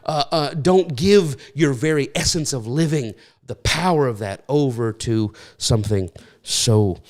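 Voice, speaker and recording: A man, a pastor, giving an impassioned spoken teaching that exhorts listeners directly, halting often to restart and repeat words. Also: medium pitch.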